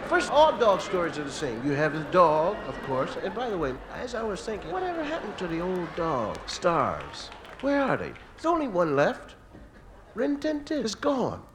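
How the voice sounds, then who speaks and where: Animated high-voiced male comedian. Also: a little hiss or hum. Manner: animated storytelling, jumps between impressions. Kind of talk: stand-up comedy.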